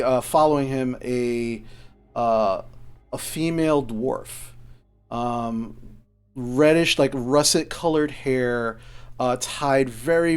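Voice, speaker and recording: A man at a mid pitch narrates a tabletop game as game master. He talks haltingly, full of ums and uhs. Faint music runs under him. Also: clean tone. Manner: halting, many fillers.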